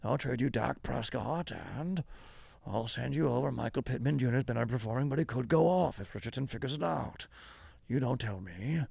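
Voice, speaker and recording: A man doing Daniel Plainview, slow gravelly menace. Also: darkish tone, no room sound. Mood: menacing. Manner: slow, low, menacing drawl. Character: ruthless scheming oil tycoon, grown man.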